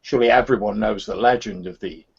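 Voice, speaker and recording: A man voicing a hooded, masked martial artist who speaks calmly and formally, over a muffled online call. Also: medium pitch, vocal fry, breathy edge. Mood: courteous. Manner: measured, courteous, slow delivery. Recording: muffled lo-fi voice chat.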